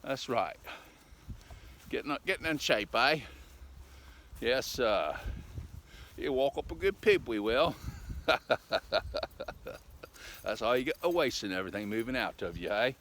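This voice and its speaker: An older man with a mid-range, slightly bright, sing-song voice talks unhurriedly, pausing often, as he walks his dogs down a country road. He's a folksy, talkative vlogger who tags "eh?" on his lines and sounds a bit winded. The noisy outdoor audio carries dogs and rural sounds.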